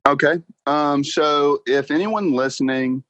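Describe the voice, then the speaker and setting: In a dry recording, the young podcast guest, who sells cars, speaks at a measured pace with a higher-pitched voice. He's an animated storyteller in this casual interview, acting out dialogue and frequently laughing.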